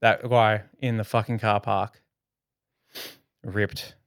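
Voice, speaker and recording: An Australian man co-hosting a podcast, telling a story in an animated, swearing way and acting out his own lines. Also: lowish voice, slow, clean tone, no room sound, studio quality. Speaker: podcast co-host. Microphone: podcast microphone.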